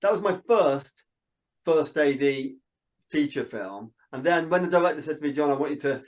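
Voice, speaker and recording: A man, a filmmaker guest in a casual interview, telling animated stories and acting out what people said. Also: a little high, moderate pace. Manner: animated storyteller, quotes people in dialogue.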